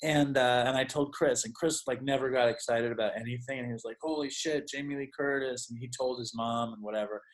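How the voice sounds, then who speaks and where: A man's voice: mid-range voice, level tone, fast talker, hardly any pauses. A man telling stories as a podcast guest, rambling and profane and full of "like". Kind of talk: casual storytelling.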